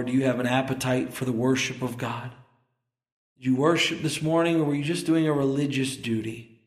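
Man, pastor, earnest sermon, unhurried delivery, roomy church echo. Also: mid-range voice. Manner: earnest, asks the congregation pointed questions. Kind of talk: sermon with closing prayer. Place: church sanctuary.

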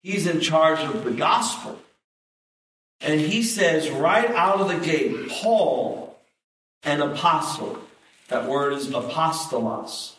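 A man preaching a sermon, telling stories in a lively way and acting out the voices he quotes. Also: a little high, slow. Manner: storytelling, animated, acts out quoted voices. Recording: echoey hall, mic at a distance.

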